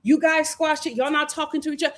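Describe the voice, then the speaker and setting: A woman hosting a live reality TV review in casual chat, animated, laughing and acting out what the cast said. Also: high-pitched, fast. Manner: animated, acts out cast members' lines, laughs often. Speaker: reality TV recap host.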